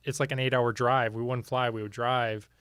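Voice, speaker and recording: A man's voice: mid-range voice, little pitch movement, a bit bright, smooth, no echo. Joking young Midwestern man telling stories. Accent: Midwestern American. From American Midwest. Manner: joking, storytelling, quick banter. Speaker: podcast co-host. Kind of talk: casual chat.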